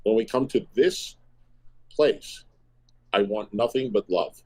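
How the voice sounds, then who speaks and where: Husky, preachy man addressing viewers. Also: fairly low pitch, slow pace, darkish tone, no echo.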